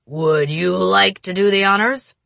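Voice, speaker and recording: A woman's voice: mid-range voice, a little slow, creaky, fairly bright tone, no echo. A woman voicing a cocky young man who talks with a smirking, sarcastic edge.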